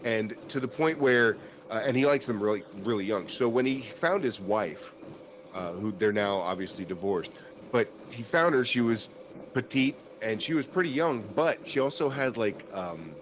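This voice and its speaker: A man's voice: medium pitch, lively intonation, normal speed, a little hiss or hum. A man hosting a podcast in casual chat, rambling and swearing freely, with plenty of fillers and restarts. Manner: rambling and profane, full of fillers. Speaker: podcast host.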